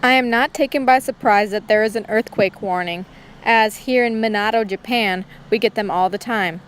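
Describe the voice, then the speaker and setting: Woman, story reader, smooth clear tone, plain first-person narration. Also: medium pitch, normal speed. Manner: reads plainly, voicing characters' lines lightly. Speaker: student reading her own story.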